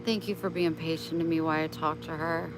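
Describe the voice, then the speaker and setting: A woman's voice: deep voice, steady tone, brisk, noisy background. A woman chatting on a casual live stream, talking kindly and motherly to her viewers and her pets.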